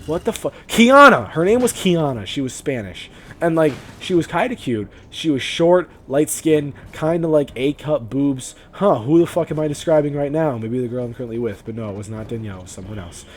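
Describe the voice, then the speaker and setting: A young man from Vermont talks off the cuff over a game, rambling from one story to the next with plenty of swearing and jokes at his own expense. His voice climbs and drops all over the place, fairly high for a man. A faint hum of room noise sits behind him. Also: animated. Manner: rambling, profane, self-deprecating, quick to laugh. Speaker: let's play commentator. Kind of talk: rambling casual commentary over gameplay.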